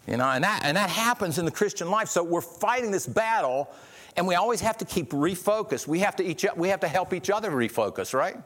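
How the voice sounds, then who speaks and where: A man preaching a sermon in a conversational way, often repeating and restarting words and rising in pitch when he stresses a point. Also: lively intonation, a little fast, a bit bright. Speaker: pastor.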